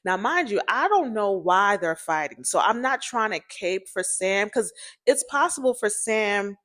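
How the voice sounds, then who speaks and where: A storytime vlogger, this woman casually shares a personal story, chatty and animated, frequently turning to speak straight to her viewers. Her voice sits at medium pitch and moves a little slowly.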